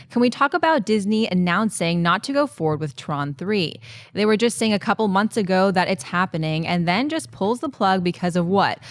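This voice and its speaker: A woman's voice: mid-range voice, no room sound. A woman co-hosting a movie talk show, chatting casually and reading viewer emails aloud. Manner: chatty, with lots of short agreeing replies.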